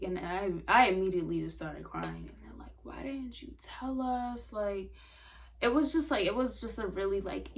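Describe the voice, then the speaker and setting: A young woman telling a personal story in a casual, halting way, full of "like" fillers. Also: fairly low pitch. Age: young adult. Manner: halting, many "like" fillers, soft and earnest. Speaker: vlogger sharing a personal story. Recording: voice a bit far from the mic.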